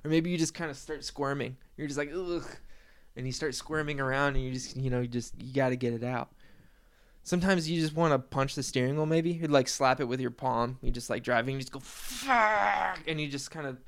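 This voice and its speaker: Casual male vlogger, mid-range pitch, smooth tone, rambling and profane. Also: steady tone, fast. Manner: rambling, profane, self-deprecating storytelling with laughs.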